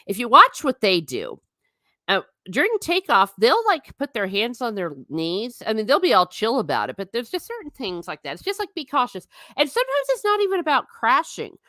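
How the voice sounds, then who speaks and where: A woman's voice: on the high side, wildly swooping pitch, moderate pace, bright, forceful tone, no room sound. A woman hosting a casual live stream, chatting irreverently with her viewers, laughing often and swearing mildly. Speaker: vlogger reading live chat.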